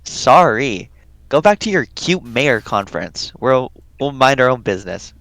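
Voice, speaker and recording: A man's voice: mid-range voice, sing-song, unhurried, fairly bright tone, no room sound, poor audio. A man reads a webcomic aloud to friends in a laid-back, playful way, joking and cursing between lines. His voice sits in a middle range, and the sound is close and dry. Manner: playful, bantering, swears casually. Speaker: reader in a group webcomic reading. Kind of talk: casual read-aloud of a webcomic.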